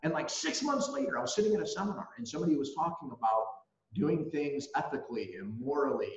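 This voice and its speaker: A man chatting as a guest on a podcast, telling stories in an excitable, emphatic, self-mocking way. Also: a little high, fast. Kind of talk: animated storytelling chat. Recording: echoey room, dull sound.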